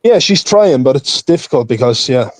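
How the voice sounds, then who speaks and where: A man's voice: medium pitch, sing-song, moderate pace, no room sound. A man in a heated live-stream debate, arguing aggressively, talking over others and hurling insults over a video call. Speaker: debate participant. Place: Europe.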